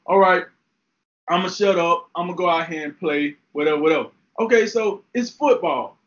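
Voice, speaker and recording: A young man co-hosting a sports talk show, animated and slangy as he argues his take. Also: high-pitched, muffled recording. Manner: fired-up, talks trash, slangy. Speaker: podcast co-host, former player.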